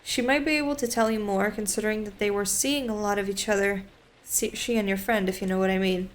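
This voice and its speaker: A woman's voice: medium pitch, steady tone, fairly quick, natural voice. A woman voicing a fussy, talkative old male bookseller while reading a visual novel aloud, her manner chatty and a little salesy.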